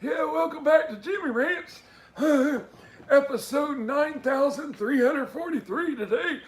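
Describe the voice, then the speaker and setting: A man's voice: extremely high pitch, measured pace, pitched above the performer's own voice. A man putting on the voice of a forgetful old man who rambles and loses his train of thought. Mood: doddering. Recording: roomy echo.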